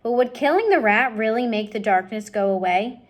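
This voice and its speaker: Higher-pitched woman reading a storybook. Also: moderate pace. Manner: expressive, addresses the listener directly. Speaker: storybook reader. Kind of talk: reading a children's novel aloud.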